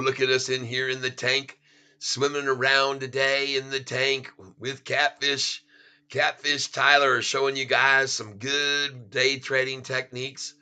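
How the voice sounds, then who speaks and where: Goofy guy streaming his stock trades, bright sharp voice, drawls slow, laughs a lot. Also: medium pitch. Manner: playful, laughs often, chants goofy rhymes. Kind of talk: casual live trading commentary.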